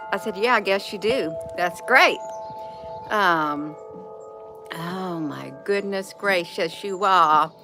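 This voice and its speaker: Bright, folksy woman. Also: mid-range voice. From Indiana, USA. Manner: folksy, encouraging, addresses viewers as honey. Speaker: livestream host. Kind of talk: casual morning livestream chat.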